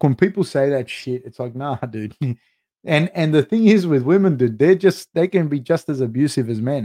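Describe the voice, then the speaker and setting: A middle-aged man's dark, medium-pitched voice carries a live fight recap show. He reads viewer comments aloud, then answers in a loose, rambling style full of profanity and fillers.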